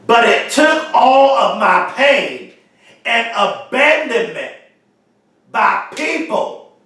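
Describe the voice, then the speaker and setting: A man giving a motivational speech, emphatic and repetitive, stretching key phrases slowly for emphasis. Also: very high-pitched, pushed and bright. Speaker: motivational speaker. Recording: very echoey room, mic far off.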